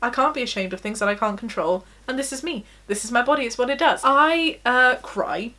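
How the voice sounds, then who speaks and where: A woman's voice: on the high side, brisk, pushed and bright. Giggly, chatty young woman. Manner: chatty, giggly, self-deprecating. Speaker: vlogger. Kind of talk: casual confessional chat.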